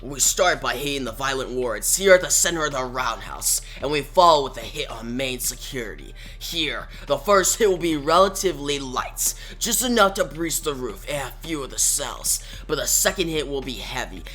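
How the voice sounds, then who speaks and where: A man reading the lines of a commanding adult male villain from a comic, in a low, measured tone. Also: expressive, bright, forceful tone, soft background music.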